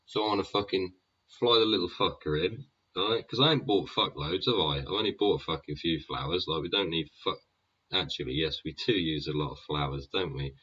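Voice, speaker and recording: A man's voice: low-pitched, a little fast, a bit bright, slightly rough. A man hosting a show, rambling in a sweary monologue full of tag questions like "yeah?" and "wouldn't ya?". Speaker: podcast host. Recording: dull lo-fi recording.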